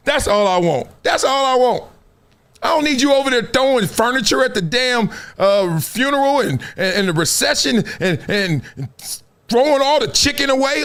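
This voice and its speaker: A man's voice: lively intonation, normal speed, fairly bright tone, clear, resonant tone. A middle-aged man hosting a sports talk show, giving emphatic commentary that builds like a sermon. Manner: emphatic, preacher-like build-ups, pitch climbing into cries. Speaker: show host.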